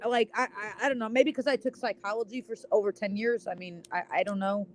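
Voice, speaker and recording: A woman's voice: mid-range voice, steady tone, quick pace. A woman chatting on a livestream, filler-heavy and often trailing off. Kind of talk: casual livestream chat.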